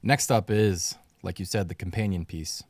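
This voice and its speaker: A man hosting a movie podcast, talking in a blunt, casual way with swearing and quick laughs. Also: sits low, no room sound, studio quality. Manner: blunt, profane, laughs easily. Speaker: podcast host.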